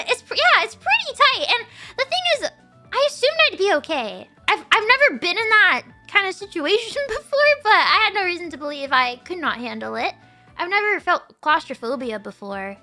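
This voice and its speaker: A young woman telling a story casually to her stream, halting and restarting, laughing often. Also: extremely high pitch, sharp tone.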